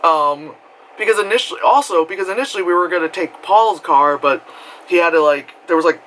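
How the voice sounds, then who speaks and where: A young man telling a story in casual vlog style, rambling with lots of fillers and breaking into loud screams and laughter. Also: high-pitched, a little fast, slight background noise, poor audio. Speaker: vlogger.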